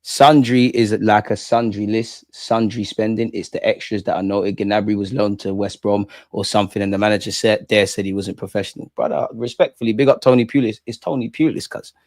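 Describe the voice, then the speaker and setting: A man's voice: on the low side, fairly quick, few pauses, no echo, studio quality. A young man hosting a casual live stream, reading chat comments and ranting with jokes in between. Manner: animated, swings between ranting and joking with chat. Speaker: fan channel host.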